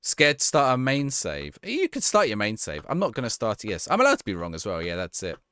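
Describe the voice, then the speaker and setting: A man's voice: fairly low pitch, huge pitch swings, brisk, pushed and bright, clean tone, dry recording, clean studio sound. A man streaming a game, reading out viewers' questions and answering them offhand in casual chat, often restarting his sentences.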